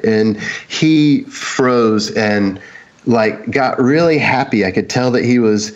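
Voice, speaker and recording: A guest tells a personal story in a casual, meandering way, full of "um"s and "like"s and acting out the quotes. His mid-range voice is a little slow, and the sound is lo-fi.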